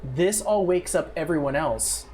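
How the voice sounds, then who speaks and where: A man's voice: on the high side, expressive, unhurried, a little mellow. A man running a tabletop game as game master, describing scenes with frequent fillers and restarts. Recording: faint background noise.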